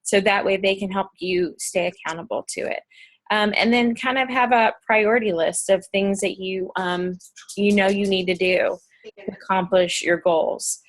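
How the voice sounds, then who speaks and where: A woman's voice: mid-range voice, steady tone, moderate pace. A woman from Pennsylvania hosting a casual goal-setting video call, bubbly and chatty with many fillers.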